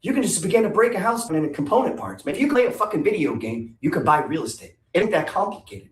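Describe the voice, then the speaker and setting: Middle-aged male investing coach, brash and swearing, fairly high lively voice, recorded in an echoey room. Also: fast talker. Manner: blunt, swearing, rhetorical questions. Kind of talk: profane motivational talk. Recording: echoey room, distant from mic.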